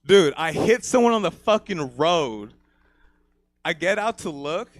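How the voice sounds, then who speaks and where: A man's voice: on the high side, lively intonation, measured pace, no room sound. A man doing a crude stand-up comedy set, swaggering and laughing at his own jokes.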